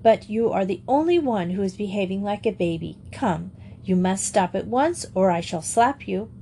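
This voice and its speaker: A firm young headmistress who keeps her voice steady and stern, as a woman reads her in a storybook. Her tone sits in a middle register. It is a plain, composed delivery. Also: mid-range voice, moderate pace, creaky, a little hiss or hum.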